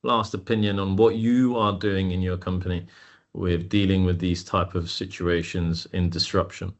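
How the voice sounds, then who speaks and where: A man hosting a webinar over a video call, talking in a loose, relaxed way with many fillers. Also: low voice, normal speed. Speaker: webinar host.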